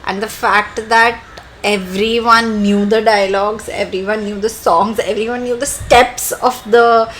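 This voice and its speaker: A woman's voice: mid-range voice, fairly even intonation, a little slow, hardly any pauses, a bit bright, slight background noise, low-quality recording. A young woman co-hosting a podcast, chatting casually and laughing easily. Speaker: podcast co-host. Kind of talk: casual chat.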